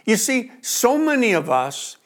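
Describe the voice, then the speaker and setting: Animated, high-voiced male pastor preaching. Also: a little slow. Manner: animated, acts out the disciples' cries. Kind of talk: sermon.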